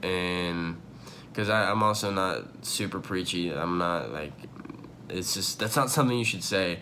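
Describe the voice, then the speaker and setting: Young man, deep voice, casual profane storyteller, light background hum. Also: measured pace, bright, forceful tone. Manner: rambling, profane, filler-heavy with many likes. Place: home room.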